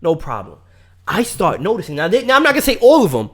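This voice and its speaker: Animated profane New storyteller man. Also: fast. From Brooklyn, New York. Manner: animated, profane, swings from low mutters to loud outbursts. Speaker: podcast co-host telling a story. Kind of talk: casual storytelling chat.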